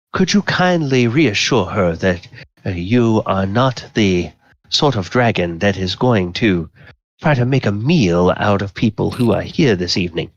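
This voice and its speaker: A man's voice: fairly low pitch, no echo, lo-fi sound. A man voicing a pompous, flowery nobleman in a tabletop game, overly polite and gallant. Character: pompous gallant nobleman in oversized white hat.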